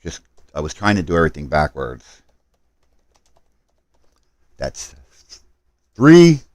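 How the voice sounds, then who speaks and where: A man's voice: a bass voice, lively intonation, a little slow, no room sound. A man live streaming a game, talking to his chat while he hurries through setup and apologizes for his mistakes.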